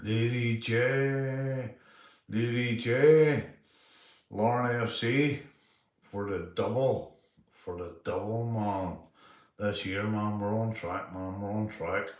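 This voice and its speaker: Northern Irish man, mid-fifties, livestream host; rambling, repetitive, sweary delivery; low-pitched; roomy, distant mic. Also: steady tone, slow. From Northern Ireland. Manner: rambling, repeats himself, swears, ends lines with mate. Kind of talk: casual live chat reading comments.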